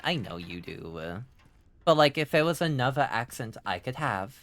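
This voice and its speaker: A man with a faded German accent giving excitable, profane live gameplay commentary as a streamer, quick to laugh. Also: mid-range voice, slight background noise.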